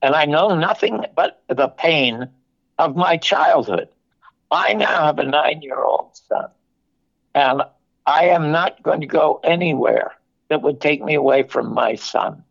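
An older man, a television producer, telling animated stories in an interview and acting out the dialogue. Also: fairly high pitch, a little slow, vocal fry, breathy edge. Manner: animated anecdote-telling, acts out quoted dialogue. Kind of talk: storytelling interview. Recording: muffled, lo-fi audio.

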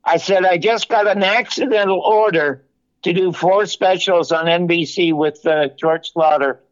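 An older man, a television producer, telling animated stories in an interview and acting out the dialogue. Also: high voice, a little slow. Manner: animated anecdote-telling, acts out quoted dialogue. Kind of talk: storytelling interview. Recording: muffled, lo-fi audio.

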